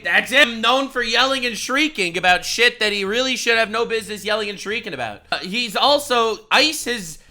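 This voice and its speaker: Bright-voiced man ranting sarcastically. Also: very high voice. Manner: ranting, sarcastic, with sudden loud outbursts. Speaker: political commentary streamer. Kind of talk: mocking commentary over clips.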